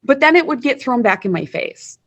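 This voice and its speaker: A woman's voice: high voice, big pitch swings, fairly quick. A woman in her forties from Wisconsin, candidly telling her life story as an interview guest, often repeating words. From Wisconsin, USA. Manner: candid, conversational, repeats words when emotional.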